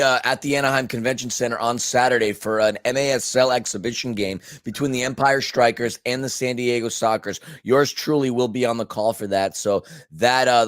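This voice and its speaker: A man's voice: mid-range voice, dry recording, studio quality. A man co-hosting a soccer podcast, talking in an emphatic, chatty way while losing his voice. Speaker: podcast co-host and commentator. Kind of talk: casual podcast chat.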